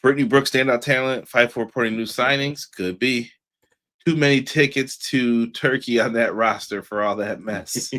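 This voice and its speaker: A young man reviewing a wrestling show in casual chat. His voice sits in the middle range, slangy and animated, and he laughs easily between his picks. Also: medium pitch, normal speed. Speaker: podcast co-host.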